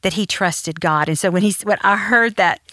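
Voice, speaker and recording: A woman's voice: mid-range voice, fairly quick, sharp tone, no room sound, studio quality. A woman guest on a Bible study podcast, talking in a heartfelt, personal way and reading a psalm aloud. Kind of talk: reflective Bible study chat.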